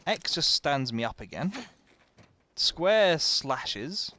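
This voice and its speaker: A man's voice: fairly high pitch, sing-song, drawn-out words, bright, forceful tone, no echo. A man commentating live as he plays a video game, chatty and self-mocking, often talking to the game itself. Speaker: game streamer.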